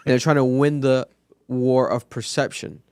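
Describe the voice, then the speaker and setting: Smooth-voiced man on a podcast. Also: mid-range voice, moderate pace, no echo, studio quality. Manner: animated, talks through points out loud. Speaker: podcast co-host. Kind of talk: casual podcast commentary.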